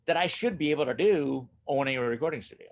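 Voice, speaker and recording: Gravelly-voiced drummer in casual talk. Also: male voice, a little high, fast. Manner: laughs often, animated, repeats himself. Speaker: guest, studio owner and drummer. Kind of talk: casual conversation.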